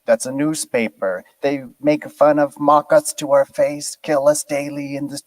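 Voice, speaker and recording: Slow preachy man in voice chat. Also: on the high side, steady tone, no echo, low-quality recording. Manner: slow, preachy, speaks in sweeping pronouncements. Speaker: chat room participant. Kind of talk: casual group chat.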